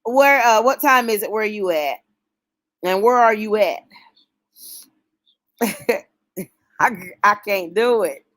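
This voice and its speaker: A woman hosting a casual late-night livestream, talking warmly and emotionally with her viewers. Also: medium pitch, expressive, slow, long pauses, dry recording. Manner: emotional, folksy, talks straight to chat.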